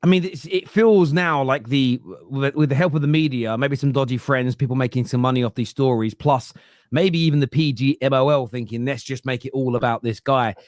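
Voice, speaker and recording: A man hosting a casual football podcast, rambling and animated as he talks. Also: mid-range voice, fairly quick, no echo, studio quality. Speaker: podcast host.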